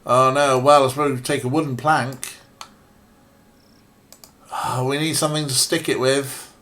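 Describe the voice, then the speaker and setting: A man's voice: mid-range voice, little pitch movement, unhurried, a bit bright. A man casually playing a point-and-click game, reading its text aloud with wry, self-mocking remarks. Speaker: let's play streamer.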